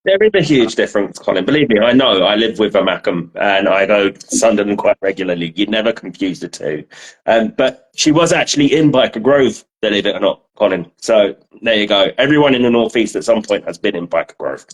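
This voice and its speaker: A man's voice: on the low side, animated, fairly quick, poor audio. A man co-hosting a casual podcast, bantering in a laid-back way and laughing at himself. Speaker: podcast co-host. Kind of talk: casual chat.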